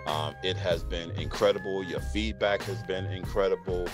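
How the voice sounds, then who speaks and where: Deep-voiced Brooklyn man hosting a podcast. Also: moderate pace, music in the background. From Brooklyn, New York. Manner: relaxed, warm storytelling with many fillers. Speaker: podcast host. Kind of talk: casual interview chat.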